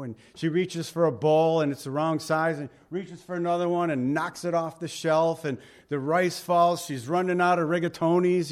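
Man preaching in a folksy, conversational way. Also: a little high. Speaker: pastor. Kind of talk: sermon.

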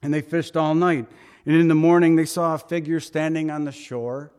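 A man preaching a sermon, telling scripture as vivid scenes with rhetorical questions, dropping soft for tender quoted lines. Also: fairly even intonation, moderate pace, smooth. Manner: voice drops soft and low for quoted tender words.

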